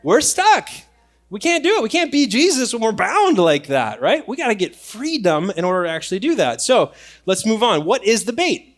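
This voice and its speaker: A young man preaching a sermon in church, animated and acting out quotes. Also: high-pitched, normal speed. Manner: animated, acts out voices and quotes. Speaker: pastor.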